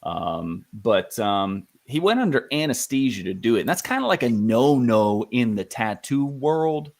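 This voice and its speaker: A man co-hosting a casual live chat stream at an ordinary middle pitch. He talks easily and jokes as he brings up each new topic for discussion. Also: animated, a little slow. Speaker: co-host. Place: live stream video call.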